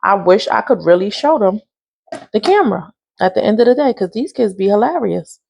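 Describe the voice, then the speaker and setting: A woman's voice: mid-range voice, expressive, brisk, gravelly, darkish tone, husky. A woman who drives a school bus, chatting casually while she cooks in her home kitchen, a laughing storyteller. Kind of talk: casual cooking vlog.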